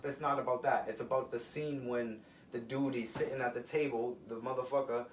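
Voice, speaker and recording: A man co-hosting a casual podcast, talking in an animated way, storytelling and swearing as he argues his point. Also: mid-range voice, a little fast, echoey room, distant mic, slight background noise. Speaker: podcast co-host. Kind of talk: casual chat.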